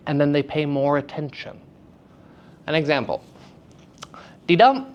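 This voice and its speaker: A man teaching young actors in a lively, playful lecture, joking with the students. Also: a little high, measured pace, pauses often, clean tone, lo-fi sound. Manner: lively, playful, jokes with audience. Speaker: theater teacher. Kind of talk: lecture to high school students. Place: school hall with audience.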